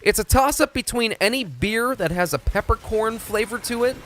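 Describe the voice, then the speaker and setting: A man's voice: sits high, expressive, moderate pace, fairly bright tone. A young man from Texas, chatting casually and profanely on a live stream. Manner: rambling, profane, laid-back.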